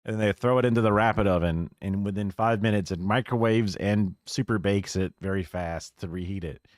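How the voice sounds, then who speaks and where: Low-voiced man musing on a stream. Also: brisk, dry recording, clean studio sound. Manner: musing and conversational. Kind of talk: live reaction commentary.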